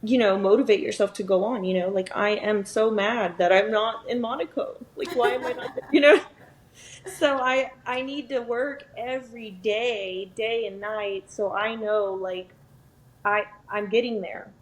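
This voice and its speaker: A woman's voice: mid-range voice, unhurried, rough recording. Chatty young woman podcast host. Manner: chatty, says "like" and "you know" often. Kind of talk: casual chat.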